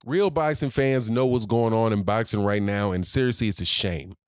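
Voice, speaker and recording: A man's voice: fairly low pitch, normal speed, smooth, no echo, studio quality. A man ranting heatedly as a boxing commentator, slangy and repeating his points for emphasis. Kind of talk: ranting opinion vlog.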